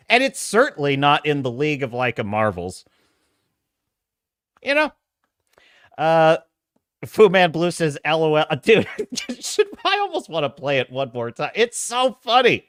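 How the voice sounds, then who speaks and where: Animated, bright-voiced male stream host. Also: on the high side, unhurried, long pauses, no echo, clean studio sound. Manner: animated, laughing often, reads chat aloud. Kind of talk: casual live-stream commentary.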